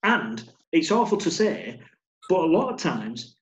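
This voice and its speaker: A man's voice: on the high side, very animated, measured pace. A man in casual chat, reflective and wry. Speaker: podcast co-host. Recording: roomy, dull-sounding mic.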